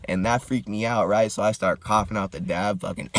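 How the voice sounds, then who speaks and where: A young man telling a story in a laid-back, slangy, profane way while getting high and smoking. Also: steady tone, normal speed, no room sound. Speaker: vlogger. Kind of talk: casual storytime.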